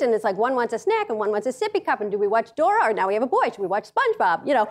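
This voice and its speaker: Lively high-pitched woman telling funny stories. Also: rapid-fire, hardly any pauses. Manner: animated, jokey, acts out voices of others; paces while speaking. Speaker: speaker giving a talk. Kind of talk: humorous storytelling talk.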